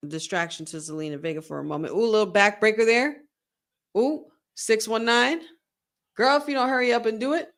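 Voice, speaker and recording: A woman hosting a live wrestling watch-along from her room at home, excitable and swearing as she talks to her chat. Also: low-pitched. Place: room at home with windows open.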